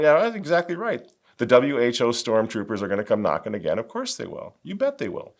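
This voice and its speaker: Middle-aged male commentary host, lively swooping pitch, sarcastic asides. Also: fast. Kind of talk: animated political commentary.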